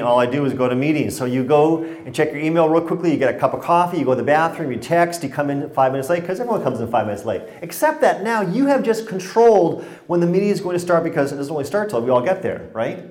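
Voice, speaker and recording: A man whose voice sits a little high and has a darkish tone presents a stress workshop. He jokes around conversationally and plays out the exchanges he cites, mixing lecture with anecdotes, all captured with roomy hall acoustics.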